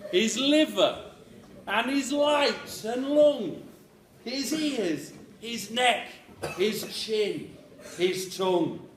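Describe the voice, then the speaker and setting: A man with a Birmingham accent reciting a comic rhyming poem in a school hall, slow and deliberate. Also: very high voice, expressive, distant mic. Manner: slow, deliberate storytelling with put-on voices. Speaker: poetry performer. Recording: echoey hall with faint background noise.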